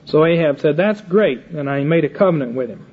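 A man's voice: on the high side, animated, brisk, husky. An older man giving a Bible teaching lecture, retelling scripture in casual paraphrase and acting out the dialogue himself. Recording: muffled lo-fi recording.

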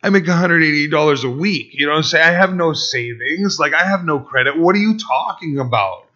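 A middle-aged man preaches as if chatting with friends, his voice bright and forceful as he relives an old story. He restarts sentences and acts out the people he quotes, and the sound is a little dull and lo-fi. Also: a little high, animated, a little fast. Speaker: pastor. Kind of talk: conversational sermon with personal story.

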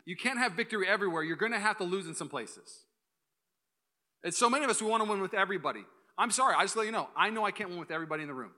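Fast, bright-voiced young pastor preaching. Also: male voice, sits high. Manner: energetic, joking asides, fast bursts. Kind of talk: sermon. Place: church hall.

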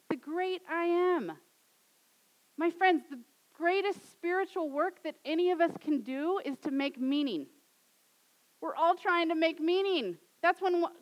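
Woman pastor, thirties, high voice, dramatic sermon delivery, loud peaks and hushed closes. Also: dull audio. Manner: preaching with dramatic rises and soft drops.

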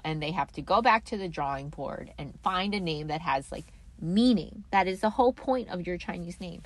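A woman in casual podcast chat, telling a story with wry, quick asides. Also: fairly low pitch.

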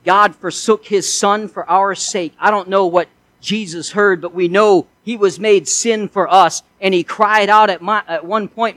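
A man's voice: sits high, steady tone, unhurried, fairly bright tone, no room sound, poor audio. A male pastor preaching a sermon in an earnest way, asking his listeners one rhetorical question after another.

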